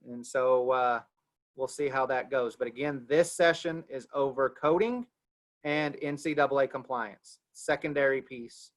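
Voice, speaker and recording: A man's voice: medium pitch, measured pace. A man with an Oklahoma accent hosting a video call, giving loose, repetitive, folksy announcements. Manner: loose, repeats himself, folksy. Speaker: webinar host.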